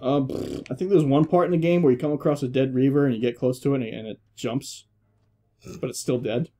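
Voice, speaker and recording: A man's voice: mid-range voice, fairly even intonation, brisk, dark tone. A young man chatting casually while playing a video game, joking, swearing and laughing a lot. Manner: laughs often, jokey, swears. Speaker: gamer. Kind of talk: casual gaming chat.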